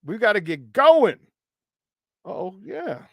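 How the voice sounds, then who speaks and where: A man with a Chicago accent hosting a morning sports talk show, energetic and playful, giving slangy shout-outs to his listeners. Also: high voice, takes it slowly, gravelly, no echo. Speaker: sports talk radio host.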